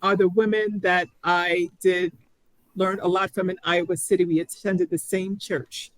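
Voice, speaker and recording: A woman's voice: lowish voice, flat delivery, a little slow, dry recording, low-quality recording. A middle-aged woman, a guest on an interview show, speaking earnestly and reflectively, often restarting her sentences. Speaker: guest sharing her story. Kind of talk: candid interview.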